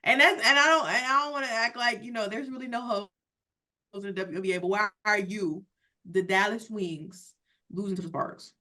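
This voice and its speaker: A woman's voice: mid-range voice, normal speed, bright, forceful tone. A woman hosting a casual sports podcast, talking emphatically with lots of cursing and "like". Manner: emphatic, profane, frequent "like". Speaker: podcast host.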